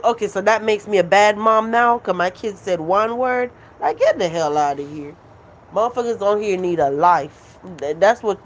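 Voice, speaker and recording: A woman's voice: mid-range voice, slight background noise. A woman hosting her own live stream, venting at her critics in a casual, profane, emphatic way and repeating her points.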